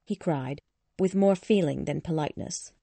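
Warm, low-voiced woman reading a story. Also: moderate pace, creaky, husky, dry recording. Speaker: audiobook narrator.

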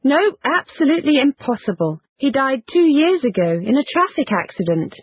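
Female lesson reader, animated, husky edge, tinny lo-fi sound. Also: sits high, moderate pace, dry recording. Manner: reads short example phrases, lively intonation. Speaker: English phrase teacher. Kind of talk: scripted example sentences. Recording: tinny phone-like band, dry.

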